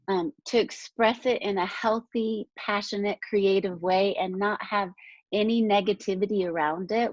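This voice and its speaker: A woman's voice: medium pitch, dry recording. A woman presenting essential oils in a casual spiritual workshop, talking earnestly with many fillers and restarts, over a video call. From United States. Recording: dull, lo-fi video call audio.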